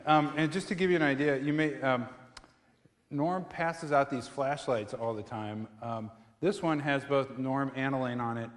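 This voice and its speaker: Halting man giving a stage talk. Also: mid-range voice, big-room sound. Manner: halting, many fillers and restarts. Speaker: guest speaker on investing. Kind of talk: live public talk with jokes. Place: theatre stage.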